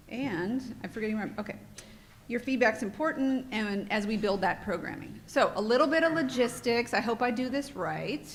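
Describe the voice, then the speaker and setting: A woman gives welcome remarks at a conference into a microphone in a hotel meeting room, with slight background noise. Her medium-pitched voice is lively and fairly quick, and she's warm, heartfelt, a bit off-script and emotional.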